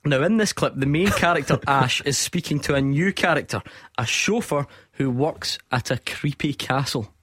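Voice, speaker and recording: A man's voice: fairly high pitch, animated, moderate pace, fairly bright tone, husky, no echo, clean studio sound. A man hosting a sports phone-in on the radio, chatty and upbeat. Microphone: studio microphone.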